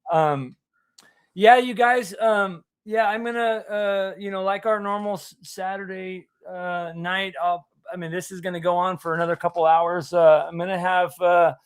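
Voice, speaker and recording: Male livestream host, slightly high voice, casual, halting delivery. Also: steady tone, clean tone. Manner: halting, full of fillers and restarts.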